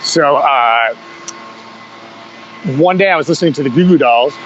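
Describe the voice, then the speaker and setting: A man's voice: on the high side, unhurried, fairly bright tone. A man talking as a guest on a podcast about his punk band, telling stories loosely with lots of swearing and little laughs. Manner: loose, rambling storytelling with frequent swearing and chuckles. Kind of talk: casual conversational interview. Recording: dull lo-fi podcast audio with faint hum.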